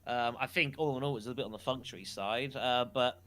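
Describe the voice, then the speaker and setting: A man guesting on a gaming podcast, delivering dry sarcastic jokes in a measured way. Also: mid-range voice, pushed and bright. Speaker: YouTube and Twitch creator guest. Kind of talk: casual podcast chat.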